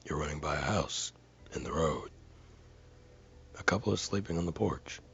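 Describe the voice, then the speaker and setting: A man's voice: extremely low pitch, animated, moderate pace, vocal fry, dull audio, a little hiss or hum. A man earnestly reading a viewer comment aloud, carefully and with dramatic stresses.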